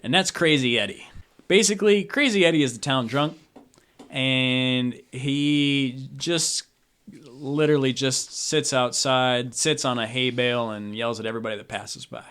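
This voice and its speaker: A man's voice: mid-range voice, unhurried, fairly bright tone, smooth. A man narrating a tabletop game as game master, rambling casually and laughing often.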